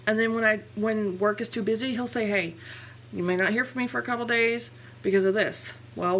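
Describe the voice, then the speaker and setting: A young woman speaks candidly into her camera in a personal vlog. Her voice sits at a middle pitch, and she rambles and corrects herself. Faint background noise sits under the recording. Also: fairly bright tone. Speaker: vlogger.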